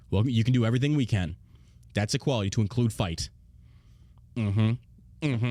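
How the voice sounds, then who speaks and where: A man's voice: on the low side, brisk, pauses often, dark tone, no room sound. A man hosting a show, ranting bluntly and profanely in a casual, heated way. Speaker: show host. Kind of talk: casual political rant.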